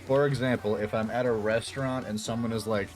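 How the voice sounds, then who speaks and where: A man chatting casually on his stream, explaining things slowly with many fillers and restarts. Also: lowish voice, steady tone, faint music behind.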